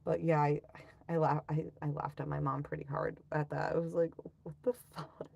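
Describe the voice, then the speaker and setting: A woman's voice: low-pitched, level tone, fairly quick, gravelly, a little mellow, lo-fi sound. A young woman chatting casually on a livestream, blunt and profane as she rants and reads comments. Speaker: livestream host.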